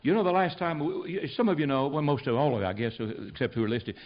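An older man from the United States preaching a folksy, storytelling sermon, swinging from loud to hushed. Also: on the high side, expressive, fast talker. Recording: dull lo-fi recording.

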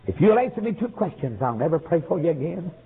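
Casting: a pleading, tearful churchwoman , as a gravelly male preacher puts her on, tinny lo-fi line. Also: low voice, sing-song, brisk, exaggerated voice. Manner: earnest, imploring repetition. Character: tearful pleading church nurse, middle-aged woman. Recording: tinny lo-fi phone-like recording.

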